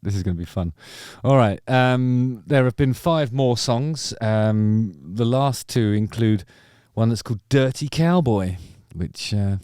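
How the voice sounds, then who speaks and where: A man's voice: medium pitch, a little slow, few pauses, darkish tone, clear, resonant tone, no room sound, studio quality. A man hosting a music channel, reacting to songs in a rambling, hesitant casual commentary full of ums.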